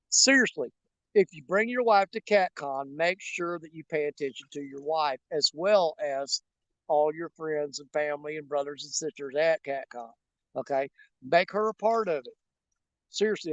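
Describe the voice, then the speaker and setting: Speaking from beside a river, a man with a fairly high, slightly bright voice runs a casual live-stream chat for his fishing channel viewers. He's rambling, folksy and jokey, full of fillers; the audio is dull with no echo.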